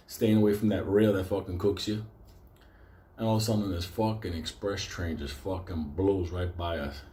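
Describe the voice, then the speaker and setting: A man with a New York accent telling a wild story with constant swearing, getting loud and excited at the scary parts. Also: deep voice, roomy sound. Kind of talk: profane comic storytelling.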